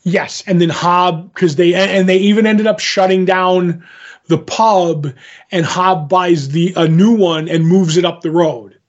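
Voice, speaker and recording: A man in casual podcast chat, retelling comic scenes with quick quoted lines. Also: sits high, fairly even intonation, dull audio. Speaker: podcast co-host.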